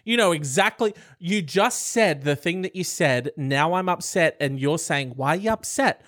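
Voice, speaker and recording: A man's voice: on the high side, a little slow, a bit bright, no room sound. Profane teasing podcast man, dry sound. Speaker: podcast co-host. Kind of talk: casual podcast banter.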